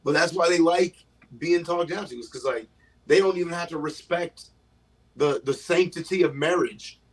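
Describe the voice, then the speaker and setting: A man's voice: fairly high pitch, normal speed, breathy edge, far from the mic, low-quality recording. A man, a stand-up comedian, telling rambling, profane stories in casual chat.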